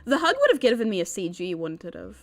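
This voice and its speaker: A woman's voice: mid-range voice, big pitch swings, fast talker, faint music behind. A young woman streaming a visual novel, commenting in an exasperated, incredulous way with lots of repeated words and rambling, and reading the game text aloud.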